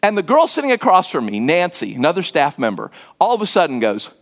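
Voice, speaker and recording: A man preaching a sermon as pastor, telling stories and acting out quotes, sometimes dropping to a hushed near-whisper for emphasis. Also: huge pitch swings, quick pace, slight background noise. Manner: storytelling, acts out quotes with sudden pitch jumps.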